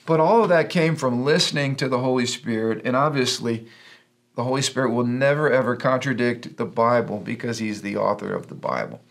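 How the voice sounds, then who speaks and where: A man's voice: mid-range voice, brisk, vocal fry. A middle-aged man, a pastor and podcast co-host, talking in an earnest, preachy storytelling way. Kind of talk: casual Christian podcast talk.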